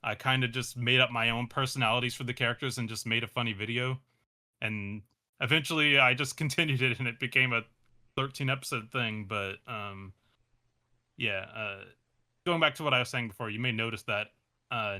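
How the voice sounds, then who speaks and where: An animation creator with a sharp, bright, medium-pitched voice answers interview questions loosely and casually. He often hesitates, fills pauses with "um" and "uh," and laughs softly between thoughts.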